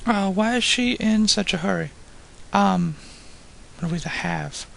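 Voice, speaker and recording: Very creaky man answering hesitantly. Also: high-pitched, a little slow, a bit bright. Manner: hesitant, working answers out aloud with fillers. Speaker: student on the lesson. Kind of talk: casual spoken lesson.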